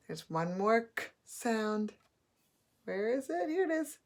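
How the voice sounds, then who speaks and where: A woman teaching a phonics lesson to young students, sounding out letters and words slowly and clearly as she writes on a board. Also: mid-range voice, big pitch swings.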